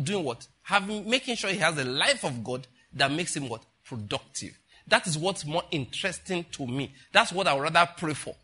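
A man's voice: a little high, pushed and bright, husky. An older man, a pastor giving a chatty, rambling sermon full of rhetorical questions to the congregation. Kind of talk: conversational sermon.

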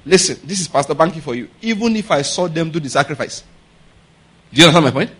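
A man's voice: fairly high pitch, expressive, fast talker, fairly bright tone, husky. A male pastor, preaching a conversational sermon and often checking that listeners follow. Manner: conversational preaching, keeps asking if the audience gets his point.

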